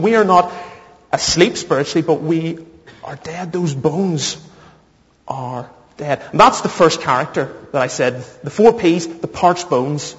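A man preaching a sermon, mixing Bible reading with humorous personal stories. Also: on the high side. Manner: storytelling with self-deprecating humor. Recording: muffled, echoey hall.

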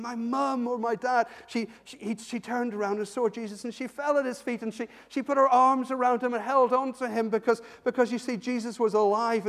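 High-voiced preacher in a reverberant church. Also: male voice. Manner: animated storytelling, shifting from loud to hushed. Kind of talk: sermon. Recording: long hall reverb.

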